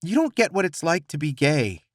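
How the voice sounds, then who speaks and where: A man's voice: fairly high pitch, very animated, normal speed, no echo, clean studio sound, pitched above the performer's own voice. A man voicing a lovesick young man near tears. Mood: upset. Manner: pleading, voice tight and warbling.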